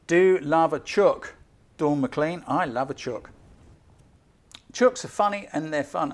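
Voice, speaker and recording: A man giving a live-streamed photo critique as a photography tutor, chatty and enthusiastic, hurrying along with quick apologies. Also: fairly high pitch, darkish tone.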